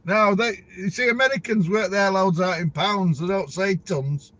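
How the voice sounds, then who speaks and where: A middle-aged man with a broad Yorkshire accent chats to camera about his work as a truck driver. He rambles from story to story in a relaxed way, and his voice sits fairly high for a man. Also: normal speed, hardly any pauses, dry recording. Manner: rambling, chatty, laughs between stories. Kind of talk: casual chat to camera.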